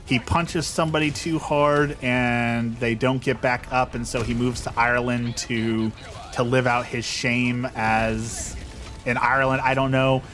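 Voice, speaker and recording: A man's voice: medium pitch, flat delivery, measured pace, fairly bright tone, faint music behind. A young man chatting casually while playing a game, rambling with restarts and poking fun at himself. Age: young adult. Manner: rambling, self-deprecating, frequent restarts. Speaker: streamer. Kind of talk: casual gameplay chat.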